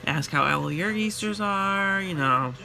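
A tired young man telling a chatty, animated story about his workday in a casual vlog. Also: sits high, measured pace, gravelly. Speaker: vlogger and retail worker.

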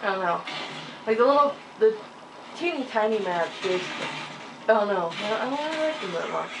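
A young woman giving casual, rambling gameplay commentary, giggling often and filling pauses with ums, a little sleepy with hiccups. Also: medium pitch, lively intonation. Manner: rambling, giggly, many fillers. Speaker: gaming channel host. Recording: distant mic with faint noise.

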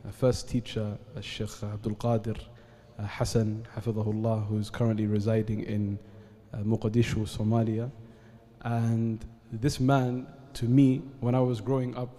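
A man speaking earnestly as a panel guest, measured, with frequent pauses and formal Arabic phrases. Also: medium pitch, warm tone. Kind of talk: formal talk at a live event. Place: event hall at an Islamic centre. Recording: long hall reverb.

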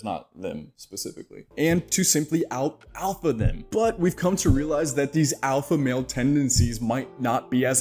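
A man's voice: medium pitch, a little mellow. A man narrating his own video essay in a playful, jokey way, with mock-dramatic asides.

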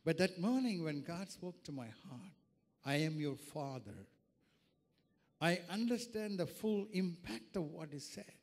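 High-voiced preacher in an echoing church. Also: male voice, lively intonation, normal speed, hardly any pauses. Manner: earnest personal testimony building to fervent preaching. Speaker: pastor. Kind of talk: sermon. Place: church sanctuary. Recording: reverberant church hall.

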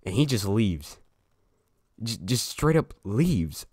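A man's voice: lowish voice, sing-song, slow pace, darkish tone, husky, no room sound, studio quality. A young man telling a casual storytime to his viewers, loose and slangy, swearing freely. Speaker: storyteller vlogger.

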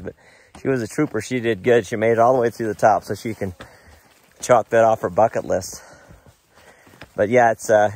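A man's voice: on the low side, no echo. A middle-aged American man chatting casually while hiking a mountain trail outdoors, a little out of breath and rambling as he talks about the way up. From United States. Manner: relaxed, rambling, admiring nature. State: slightly out of breath. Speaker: vlogger, father on a family hiking trip.

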